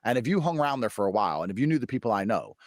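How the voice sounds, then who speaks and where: A man's voice: on the low side, big pitch swings, very fast, dry recording. A man arguing his point emphatically and with sarcasm. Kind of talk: argumentative talk.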